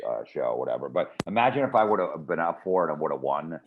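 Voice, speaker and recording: A man's voice: a bass voice, big pitch swings, fast talker, heavy background noise. A man guest comedian telling rambling, dry anecdotes in a casual chat. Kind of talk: casual storytelling. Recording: dull lo-fi audio.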